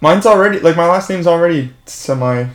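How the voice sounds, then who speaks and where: A man's voice: fairly high pitch, animated, fairly quick, a crowd in the background. A man co-hosting a casual podcast chat, joking and laughing often. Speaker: podcast co-host. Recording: echoey room with background noise.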